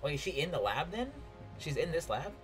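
A man with a fairly high voice talks fairly quickly through a let's play, jokey and excitable, exclaiming at the action and yelping when hits land. Game music plays loudly behind his voice.

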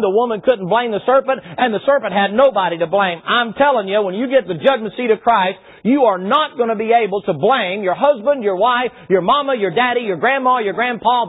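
High-voiced preacher, phone-tinny. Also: male voice, breathy edge. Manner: folksy, rhetorical questions. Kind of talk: sermon.

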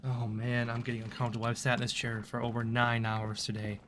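Talking fast with a completely flat delivery, this gaming streamer narrates his play live from his computer desk, joking at his own expense and addressing the in-game creatures. His voice is medium-pitched and fairly bright, with a little hiss or hum in the recording.

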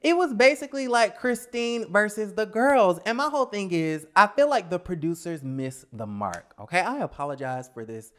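A man's voice: high voice, lively intonation, normal speed, hardly any pauses, a bit bright. A young man giving a sassy, blunt review of a reality show in a casual vlog, with scatterbrained asides, while getting over a cold.

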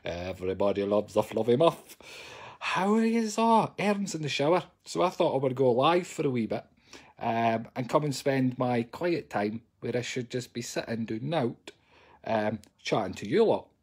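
Lounging on his sofa at home, a male psychic medium talks into his phone on a live stream, bantering cheekily and jokily with viewers. His husky, expressive voice sits at a medium pitch and moves at a moderate pace.

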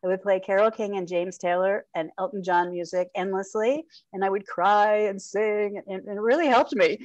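A middle-aged woman being interviewed, her voice sitting at an ordinary pitch for a woman. She talks openly and warmly, with frequent small laughs, fillers and restarts. The recording is dry and close, with no room sound around her. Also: steady tone, normal speed, dry recording, lo-fi sound. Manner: open and heartfelt, laughs often, many fillers and restarts. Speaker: guest. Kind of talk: candid personal interview.

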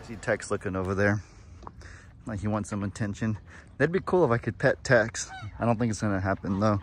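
A man with a somewhat low voice chats casually to his camera while walking around a farm. He talks to the animals, slipping into a cooing baby voice for them. A faint hum of outdoor ambience sits behind him. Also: fairly quick. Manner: chatty, coos fondly at animals in a baby voice. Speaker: farm vlogger.

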